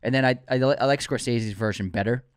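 A male podcast co-host chats casually in an ordinary middle-pitched voice, full of enthusiasm. He teases his co-host playfully, and the recording sounds dry and close. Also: fairly quick, clear, resonant tone, no echo. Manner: enthusiastic and teasing. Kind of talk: casual chat.

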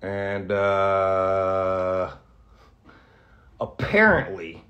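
A male radio host with a low, pushed and bright voice draws out his words in this casual spoken goodbye, heard through dull audio. Rambling and profane, he often starts sentences over and turns emotional, at times close to tears.

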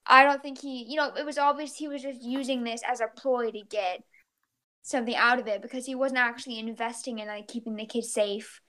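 A woman's voice: a little high, fairly even intonation, a little fast, a bit bright. A woman co-hosting a fan podcast, earnest and rambling in casual chat, on a home mic over a remote call. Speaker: podcast co-host. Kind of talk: casual chat and read summary.

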